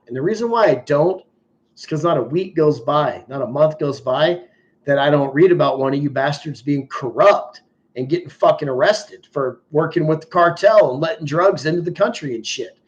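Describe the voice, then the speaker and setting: An American man hosts a live stream, telling stories bluntly and with plenty of profanity as he chats casually. His voice is a little high and moves at a normal speed, and the stream audio sounds muffled.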